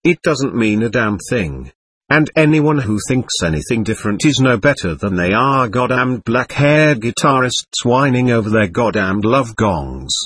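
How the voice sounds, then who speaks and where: A man voicing a drunk, belligerent German corporal who shouts with contempt in an audiobook reading. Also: medium pitch, sing-song, measured pace, husky, no room sound, full character voice.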